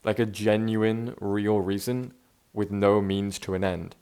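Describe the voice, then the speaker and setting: This is a young man in an unscripted vlog, speaking in a relaxed, self-reflective way. His voice sits a little low. He talks loosely and restarts his sentences often. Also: a little slow, clean tone. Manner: laid-back, self-reflective, says bro and man a lot, frequent restarts. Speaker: vlogger. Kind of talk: unscripted casual monologue.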